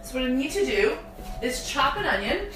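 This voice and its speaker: Her high, sing-song voice comes from far from the mic at a moderate pace, sounding roomy over background noise and kitchen clatter of pots and dishes. The young woman hosts a live cooking demo at home, chatting to viewers with self-deprecating humor while onions make her eyes water.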